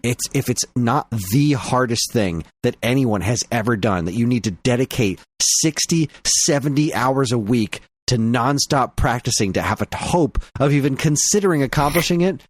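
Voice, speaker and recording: A man's voice: medium pitch, expressive, moderate pace, hardly any pauses, no room sound. A man co-hosting a podcast in casual chat, rambling through an anecdote and laughing often. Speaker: podcast co-host.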